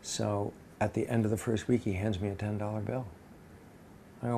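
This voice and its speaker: A man's voice: lowish voice, brisk, creaky, background noise. A man animatedly telling an anecdote in an interview, acting out the people he quotes. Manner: lively storytelling, acting out quotes.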